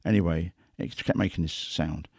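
Here a husky, low-pitched man talks at normal speed as a big cat investigator, telling stories in a conversational way. He acts out quotes and sounds with animation, and the recording is dry and studio quality.

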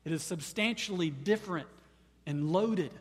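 A man preaching a sermon. He often repeats words as he starts a phrase, and at times he rises to loud, high-pitched proclamation. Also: moderate pace, in a large hall. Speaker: pastor.

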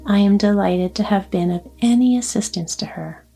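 A woman voicing a polite, mysterious man who speaks quietly and courteously. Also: medium pitch, moderate pace, gravelly, breathy edge, faint music behind.

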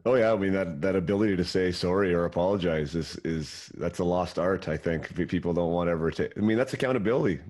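Low-voiced man interviewing at a quick pace. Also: a little mellow. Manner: reflective, affirming, asks long questions. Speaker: interviewer, host. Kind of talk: conversational interview.

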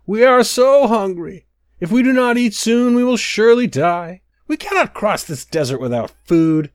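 A man's voice: sing-song, normal speed, dry recording, clean studio sound, close to an everyday voice. A man voicing a crowd of starving wanderers crying out in a storybook reading. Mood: desperate. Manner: pleading, cried out high and loud. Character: hungry wandering people, a desperate crowd.

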